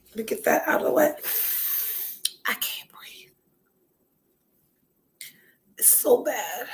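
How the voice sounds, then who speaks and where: Female podcast host, high voice, congested and nasal from a cold, candid and foul-mouthed, prone to tearful whispers. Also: vocal fry, low-quality recording. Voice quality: nasal, stuffed-up. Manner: emotional, breaks into tears and whispers; blunt, swears freely. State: sick and congested. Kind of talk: casual chat.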